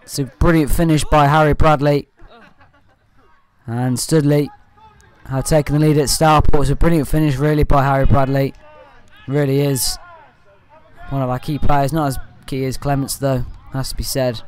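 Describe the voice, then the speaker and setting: Male fan commentator, mid-pitched, loose amateur match voice-over, keeps moving on with "anyway". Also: normal speed, clear, resonant tone. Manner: rambling, leans on "anyway" and "uh" to move on; partisan, with excited bursts at good play.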